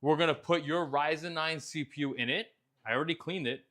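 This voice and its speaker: A man's voice: on the high side, a little fast, fairly bright tone. A man, hosting a casual chat show and telling a story with a lot of animation and frequent swearing. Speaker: host.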